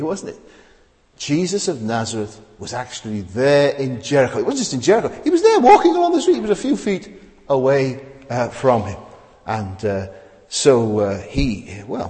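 Man preaching with lively pitch in a reverberant hall. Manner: rhetorical tag questions, repeated restarts. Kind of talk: sermon. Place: church service. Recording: long reverb of a large hall.

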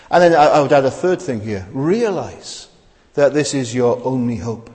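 A male preacher delivers an earnest sermon, his pitch rising and falling in a lively way. He keeps asking the congregation rhetorical questions and stumbles into repeated restarts. The voice rings with the long reverb of a large hall. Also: measured pace. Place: church service.

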